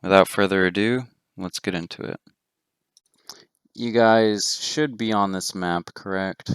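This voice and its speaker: A man narrating a tabletop game as game master, with steady descriptive narration and casual asides. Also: deep voice, unhurried, clear, resonant tone, no echo, clean studio sound.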